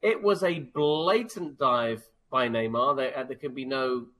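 A man's voice: medium pitch, a little slow, a bit bright. A man co-hosting a sports talk radio show, giving firm opinions in a dry, matter-of-fact way on a studio mic. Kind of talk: casual sports radio chat.

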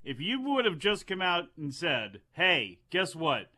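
A male radio co-host challenges every claim his partner makes. His voice sits a little high and sounds bright and edgy. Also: huge pitch swings, unhurried. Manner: skeptical, pushes back. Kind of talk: sports talk radio banter.

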